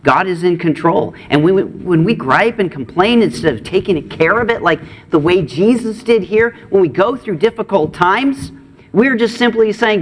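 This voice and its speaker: A middle-aged man preaching a sermon, earnest, moving between raised and hushed delivery. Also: high voice, expressive, moderate pace. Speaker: pastor.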